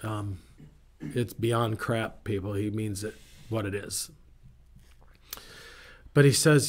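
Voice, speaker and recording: Man preaching a casual, animated sermon. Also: medium pitch, unhurried. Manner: conversational, animated storytelling with self-interruptions. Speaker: pastor. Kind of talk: informal sermon.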